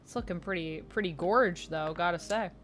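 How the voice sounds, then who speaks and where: A woman's voice: lowish voice, moderate pace, fairly bright tone, slight background noise. A woman chatting casually on a livestream while she colors, reading out and thanking viewers. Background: faint background music.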